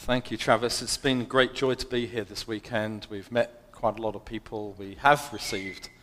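A man's voice: fairly low pitch, flat delivery, moderate pace, fairly bright tone. A man with a London accent giving a chatty, self-deprecating sermon as a guest preacher. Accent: London English. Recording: long hall reverb.

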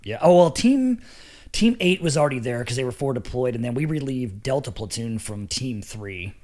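A man's voice: mid-range voice, animated, moderate pace, a little mellow. A middle-aged man telling stories as a podcast guest, laughing often and swearing freely. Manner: profane, laughing storyteller. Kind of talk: casual storytelling.

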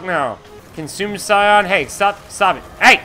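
Young man, gamer, high voice, bright tone, loud excited yelling and cursing, faint game music behind. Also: slow pace. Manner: excitable, yelling and swearing at enemies. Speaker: gamer playing a shooter. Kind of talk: let's play commentary.

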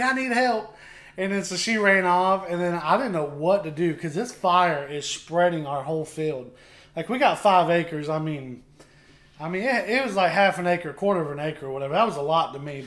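A middle-aged man, telling a rambling, self-mocking homestead story to his viewers in a casual, animated way. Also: high-pitched. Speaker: homestead vlogger.

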